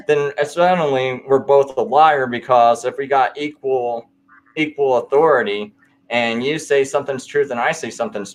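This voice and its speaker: In a relaxed late-night conversation, a man tells his own story. His pitch is an ordinary middle, and his sentences meander, start over and lean hard on filler words.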